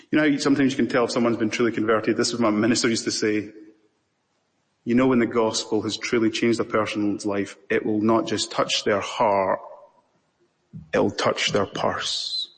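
A man with a Scottish accent preaching an impassioned sermon, with long pauses between phrases. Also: lowish voice. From Scotland. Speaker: pastor. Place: church sanctuary. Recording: reverberant church hall.

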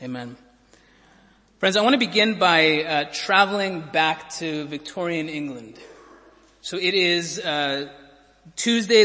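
A man's voice: sits high, sharp tone, long reverb tail. A man preaching a sermon as pastor, telling a story vividly and repeating words as he builds his points.

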